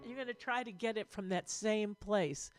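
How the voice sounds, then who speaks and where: A woman choir director leading an online vocal warm-up lesson, upbeat and encouraging as she demonstrates breathing exercises. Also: medium pitch, normal speed, over loud music.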